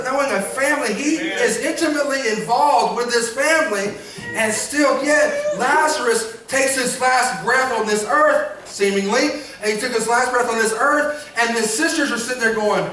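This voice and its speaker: High bright guy preaching, acts out the voices, keeps calling on the room, echoey church from far off. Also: moderate pace. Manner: animated preaching, acts out voices, calls for response. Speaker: pastor. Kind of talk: sermon. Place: church sanctuary. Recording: echoey church hall, miked from afar.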